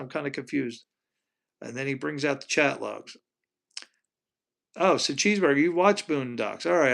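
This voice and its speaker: A man's voice: fairly high pitch, creaky, a bit bright. A man hosting a casual live stream from home, chatting loosely and reading out viewer comments. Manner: chatty, rambling, asks viewers questions.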